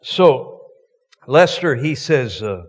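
Folksy, lively preacher in a reverberant hall. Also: male voice, medium pitch, slow pace, breathy edge. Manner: folksy, joking, emphatic. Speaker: visiting preacher. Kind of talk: sermon.

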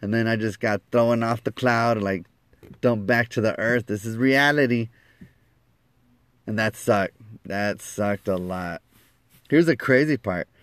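Low-voiced man telling a personal story. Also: unhurried, long pauses, smooth, no echo. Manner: lively, acts out quoted lines, laughs at himself.

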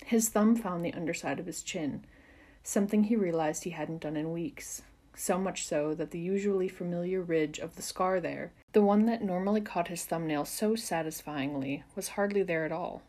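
A woman reading a fan fiction chapter aloud for a podcast in a measured, expressive storytelling manner. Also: lowish voice. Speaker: podcast reader.

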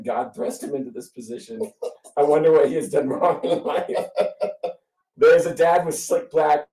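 A man's voice: medium pitch, recorded from a distance. Wry man telling stories in an echoey room. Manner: wry, deadpan storytelling with frequent laughs. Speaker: podcast co-host. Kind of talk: casual storytelling chat.

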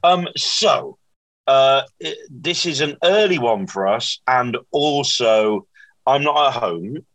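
A man's voice: mid-range voice, expressive, slow, fairly bright tone, dry recording, rough recording. Bristolian man, weary podcast host, self-deprecating, dry close sound. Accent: Bristolian English. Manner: chatty, self-mocking, with many fillers. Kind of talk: casual comedy podcast chat. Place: hotel room.

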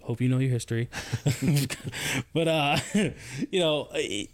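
A man, a soldier and podcast co-host, telling a story in casual chat, his voice climbing high when he gets indignant. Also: a little slow. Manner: animated storytelling, rising pitch when indignant.

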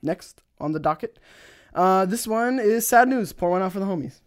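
A man's voice: high-pitched, lively intonation, moderate pace, clean tone. Casual man co-hosting a podcast. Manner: loose, filler-heavy delivery with frequent ums. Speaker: podcast co-host presenting news. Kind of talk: casual chat and reading news items.

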